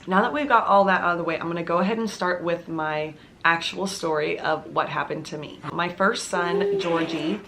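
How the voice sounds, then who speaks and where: Earnest low-voiced mom confiding on camera. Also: female voice, moderate pace, hardly any pauses, fairly bright tone, a little hiss or hum. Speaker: mom vlogger telling her own story. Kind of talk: personal storytelling to camera. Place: at home with her baby nearby.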